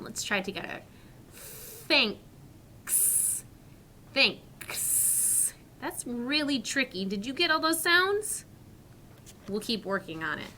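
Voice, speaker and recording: A woman teacher reading a story to young children, asking questions and modelling sounds slowly and clearly. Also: mid-range voice, bright, forceful tone, slight background noise. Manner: slow, clearly articulated, questioning.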